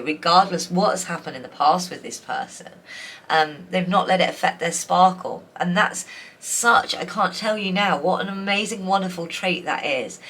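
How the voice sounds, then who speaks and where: A woman's voice: on the low side, bright, forceful tone. A woman giving a tarot reading, emotional and tearful, rambling with many restarts. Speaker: tarot reader. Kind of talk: pick-a-card tarot reading.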